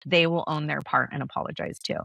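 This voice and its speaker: A woman's voice: deep voice, fairly even intonation, fast, vocal fry, pushed and bright, no room sound. A woman guest on a podcast, talking candidly about parenting as a yoga teacher, laughing often and restarting her sentences. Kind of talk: conversational podcast interview.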